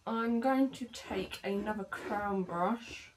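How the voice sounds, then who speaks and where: A woman's voice: medium pitch, unhurried, a little hiss or hum. A woman chatting casually through a makeup demo, with lots of fillers and self-corrections. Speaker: beauty vlogger. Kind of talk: makeup tutorial chat.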